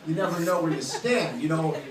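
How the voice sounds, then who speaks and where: A man's voice: a little high, expressive, a little fast, crowd noise. Blunt, crude man doing stand-up. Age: late 30s. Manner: blunt, crude, self-mocking joking. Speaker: stand-up comedian. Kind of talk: stand-up comedy set. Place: comedy club stage. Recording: echoey room, distant mic, loud background noise.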